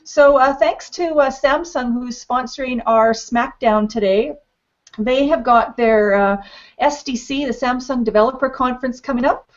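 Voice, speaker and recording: A bubbly woman with a fairly high voice hosts a live online panel, chatty and playful, with plenty of ums and uhs. The sound comes through a dull, lo-fi web stream. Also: moderate pace. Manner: bubbly, playful, many fillers. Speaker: host.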